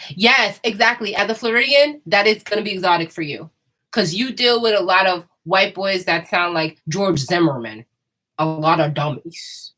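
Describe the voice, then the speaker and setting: A woman's voice: mid-range voice, moderate pace, a bit bright, rough recording. A woman chatting casually and candidly, rambling and laughing often. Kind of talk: casual chat.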